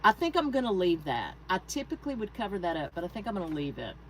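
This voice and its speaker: A woman's voice: medium pitch, big pitch swings, fast talker, slight background noise, poor audio. A woman hosting a craft channel, chatting casually with her viewers while she works, laughing often. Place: home craft room.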